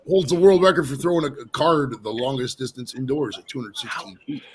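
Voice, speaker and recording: A man hosting a casual live stream who talks excitably, swears often and keeps calling people "bro". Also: medium pitch, fairly quick, a crowd in the background. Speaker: show host.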